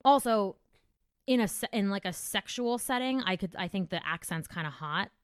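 Crude, animated comedian woman. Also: medium pitch, moderate pace, clean tone, no room sound, studio quality. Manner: crude, animated, swearing freely. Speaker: comedian podcast host. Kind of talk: casual podcast chat.

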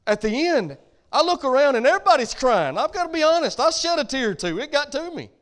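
A man's voice: very high voice, very animated, quick pace, a bit bright. A middle-aged man, preaching a sermon as pastor in a folksy way that builds to emphatic points.

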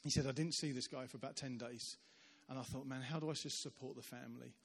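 A man giving a sermon as a visiting preacher, telling stories in an animated way and acting out the voices of the people in them. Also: mid-range voice, fast, vocal fry, slightly rough. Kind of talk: sermon storytelling. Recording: long reverb of a large church hall.

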